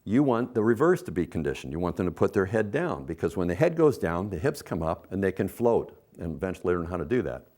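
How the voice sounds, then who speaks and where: A man's voice: sits low, very animated, fast talker, few pauses, a little mellow. A middle-aged man, a swim instructor, giving folksy coaching tips in an instructional video. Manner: folksy, coaching, acts out a parent's sing-song counting.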